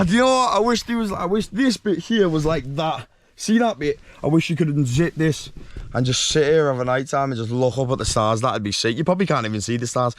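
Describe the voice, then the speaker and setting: A young man, chatting excitedly to camera on a travel vlog, slangy and laughing often. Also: medium pitch, no room sound. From England. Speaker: travel vlogger. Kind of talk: casual vlog chat to camera. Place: glamping site outdoors.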